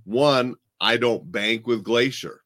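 Man, plainspoken, blunt, chatty, mid-pitched, casual home talk. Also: slow, a bit bright. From Montana, United States. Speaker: host. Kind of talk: casual chat. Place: home desk.

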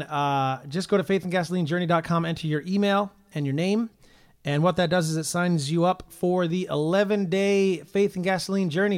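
A man hosting a weekly worship livestream, talking in a casual, upbeat way with plenty of ums and uhs. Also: fairly high pitch.

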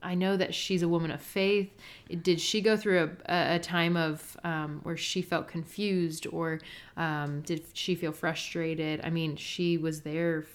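A woman co-hosting a faith podcast, asking gentle, halting questions full of fillers. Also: sits low, little pitch movement. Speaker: podcast co-host.

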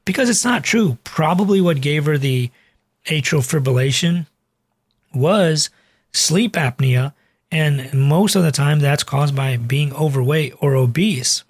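A man's voice: fairly high pitch, unhurried, slightly rough, dry recording, clean studio sound. A man in his forties, a cardiologist and weight loss coach, telling a patient story in a chatty, rambling way full of fillers and asides. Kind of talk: casual storytelling monologue to camera.

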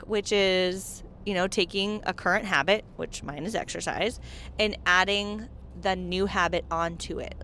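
A woman's voice: mid-range voice, a bit bright, a little hiss or hum. A pregnant woman in her thirties hosting a casual solo podcast, chatty, saying "like" often and laughing between phrases. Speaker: podcast host.

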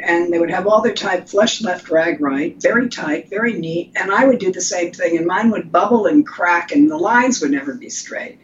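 An older woman, a designer and guest on an interview podcast, telling lively stories about her career with frequent restarts. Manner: animated storytelling with restarts. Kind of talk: conversational interview. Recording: lo-fi with faint rumble.

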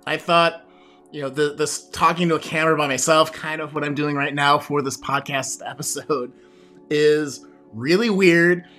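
A man's voice: on the high side, steady tone, moderate pace, pushed and bright, soft background music. A man hosting his own podcast and talking alone to a camera as a coach, reflective and rambling, with many fillers and restarts. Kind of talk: solo podcast monologue.

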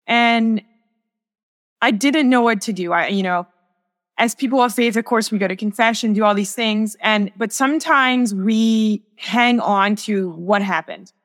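A woman's voice: medium pitch, measured pace, a bit bright, in a large hall. Earnest, reflective young woman telling her story. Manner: earnest, reflective, with frequent restarts. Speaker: guest, sacred artist. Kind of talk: personal testimony in a podcast interview.

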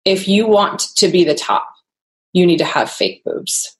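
A woman's voice: lowish voice, very animated, a little slow, rough recording. A woman voicing a blunt male photographer while retelling a story in an interview.

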